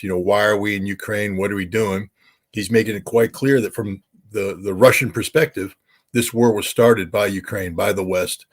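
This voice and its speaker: A man who used to be a weapons inspector, talking as an interview guest in an emphatic way, with many uh and um fillers. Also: lowish voice. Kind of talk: casual interview talk.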